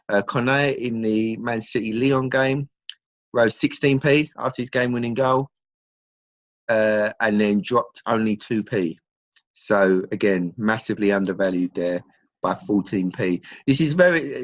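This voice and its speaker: A man's voice: fairly low pitch, dry recording. Man with a dry, dull sound. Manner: relaxed, loose grammar, runs through figures. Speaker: trading strategy presenter. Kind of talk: casual explanatory talk.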